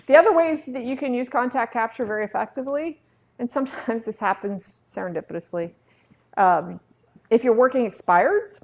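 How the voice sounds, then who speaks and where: A woman running a real estate training session in a relaxed, chatty way. She livens up her explanations by acting out short dialogues from stories. Her voice sits at a middle pitch. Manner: chatty, acts out dialogue in anecdotes.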